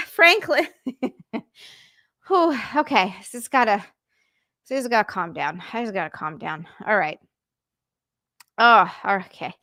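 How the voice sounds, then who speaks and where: A woman hosting a casual live stream, reading out chat and gushing with excited thanks. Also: mid-range voice, slow, long pauses, no room sound, studio quality. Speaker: streamer host.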